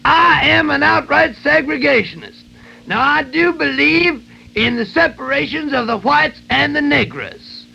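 A man putting on the voice of a blustering old Southern male politician, in a strained, gravelly drawl on an old radio broadcast. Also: very high-pitched, a little slow, bright, forceful tone, voice pushed up, exaggerated voice. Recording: dull lo-fi old radio recording.

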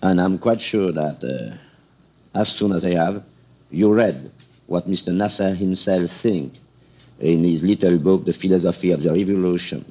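Deep-voiced man with a French accent. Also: dark tone, breathy edge. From France. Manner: measured, hesitant, searching for words. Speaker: political guest. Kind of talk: broadcast interview answers.

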